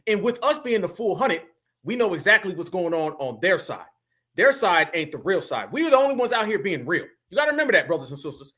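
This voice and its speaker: A man's voice: sits high, sing-song, quick pace, sharp tone, slightly rough. A man hosting a live reaction stream, talking emphatically and mockingly with frequent laughter.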